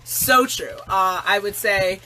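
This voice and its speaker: Bright, animated woman livestream host. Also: medium pitch, slow, soft background music, low-quality recording. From Jamaican family. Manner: animated, emphatic, laughs often. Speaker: self-love challenge host. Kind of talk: casual livestream talk.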